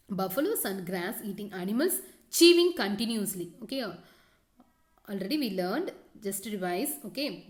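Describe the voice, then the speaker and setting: A woman school teacher leads a science lesson in a fairly high voice, going over her questions and key words again and using "okay" to fill gaps. She regularly instructs students on what to underline and draw, and the recording echoes as if in a large room.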